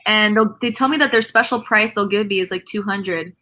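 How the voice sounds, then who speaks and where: Bright-voiced woman hosting a chatty call. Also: mid-range voice, fairly quick. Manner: chatty, laughs often, rambling restarts. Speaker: host; teacher. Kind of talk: casual chat on a live video call.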